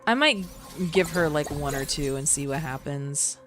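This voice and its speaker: Playful woman streamer, lively pitch, casual chat over clear background music. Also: normal speed. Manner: chatty and playful, greets chat, hums, laughs often. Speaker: streamer, virtual singer and gacha player. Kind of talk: casual live-stream chat while gaming.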